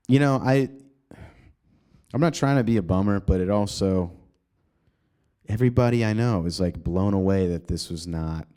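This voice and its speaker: A male comedian hosting his own podcast, ranting casually and profanely, rambling with sudden jumps in pitch, recorded in an apartment. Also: dark tone, clear, resonant tone. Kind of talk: casual solo podcast rant.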